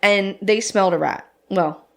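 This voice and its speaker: A woman's voice: medium pitch, measured pace, vocal fry. Chatty woman telling a true-crime story. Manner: chatty, swears freely, laughs at own jokes.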